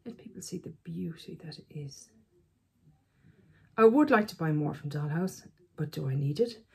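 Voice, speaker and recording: A woman's voice: low-pitched, animated, normal speed, vocal fry, darkish tone, husky. A woman chatting casually as a beauty vlogger reviewing eyeshadows, teasing herself and talking to herself as she goes.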